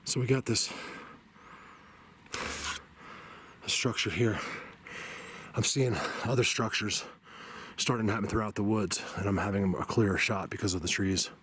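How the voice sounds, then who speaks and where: A man with a lowish, husky, slightly bright voice speaks unhurriedly with fairly even intonation and long pauses. Filming his hike through mountain woods on a handheld camera mic, he chats casually with viewers as "you guys," now and then short of breath.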